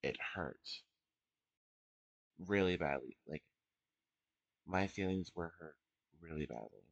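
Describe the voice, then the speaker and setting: A teenage young man giving an unscripted personal confession at home, emotional and halting, with many fillers and restarts. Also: low-pitched, lively intonation, creaky, no echo, dull audio. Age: teens. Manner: emotional, soft-spoken. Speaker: vlogger.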